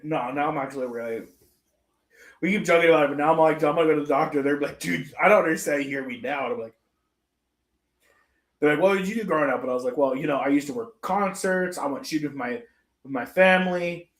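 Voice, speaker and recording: A man's voice: a little high, fast talker. A man co-hosting a casual livestream chat, telling rambling, profane, self-mocking stories. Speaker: podcast co-host. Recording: echoey room.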